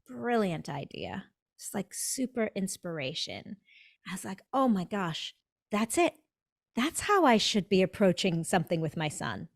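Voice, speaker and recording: A woman speaking as a dentist guest on a podcast, emphatic and animated, stressing her points with repetition. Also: on the low side, no echo, clean studio sound. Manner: emphatic, animated, acts out inner thoughts. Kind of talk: motivational conversational talk.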